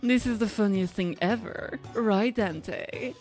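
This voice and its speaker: A young woman streaming a game, reading lines aloud and reacting with quick laughs and stammered restarts. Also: medium pitch, a little mellow, faint music behind. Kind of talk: casual let's-play commentary, reading lines aloud.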